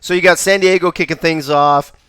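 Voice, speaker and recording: A man's voice: fairly high pitch, steady tone, a little fast, pushed and bright, clear, resonant tone. A man hosting a live show in an upbeat, joking way. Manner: upbeat, joking, laughs often. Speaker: host.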